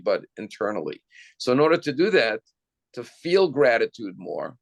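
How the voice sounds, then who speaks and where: A man's voice: mid-range voice, vocal fry. A man giving a sermon as a rabbi, explaining step by step and asking the listeners rhetorical questions.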